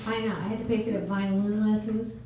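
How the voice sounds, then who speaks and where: A middle-aged woman performing a stand-up comedy set, brash and deadpan, working the crowd loudly. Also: mid-range voice, fairly quick. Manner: brash, deadpan punchlines, loud crowd work. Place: comedy club stage. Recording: echoey club from far off, loud crowd. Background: audience laughing and reacting.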